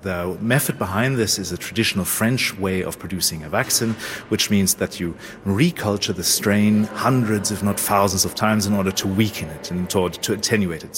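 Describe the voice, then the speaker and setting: A man, a historian, explaining history in a measured academic way while standing at a historic site. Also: on the low side, a little hiss or hum.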